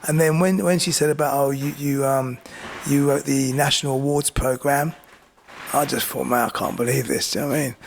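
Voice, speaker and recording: A man's voice: mid-range voice, steady tone, brisk, creaky, slight background noise. A middle-aged man, a boxing coach telling stories as a guest in casual chat, often asking "do you know what I mean". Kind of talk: casual storytelling.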